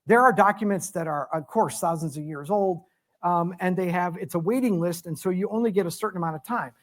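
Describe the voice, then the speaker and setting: A man telling a story as a guest lecturer in a museum hall, animated and quick to joke at his own expense. He moves from hushed moments to eager bursts as he narrates his research trip. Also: high-pitched. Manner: animated, self-deprecating humor.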